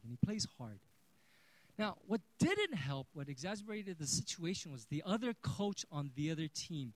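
A man in his thirties giving a sermon, telling a personal story and swinging between hushed and loud. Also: high-pitched, dry recording, poor audio. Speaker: pastor.

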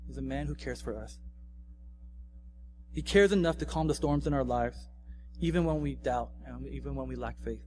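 A man's voice: mid-range voice, normal speed, pauses often, a little mellow, faint music behind. A young adult man, a pastor, preaching a casual, conversational sermon, often checking in with his listeners. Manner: casual, conversational, frequent "right?" tags.

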